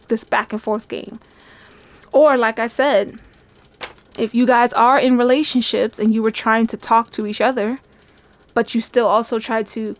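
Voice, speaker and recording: A woman giving a tarot love reading in a chatty, musing way, often laughing and acting out people's thoughts. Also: on the high side. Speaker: tarot reader. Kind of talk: channeled tarot reading to camera.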